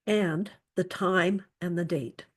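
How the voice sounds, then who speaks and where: A woman's voice: on the low side, steady tone, takes it slowly. A woman speaker giving earnest, practical advice on psychological safety, often restarting her sentences.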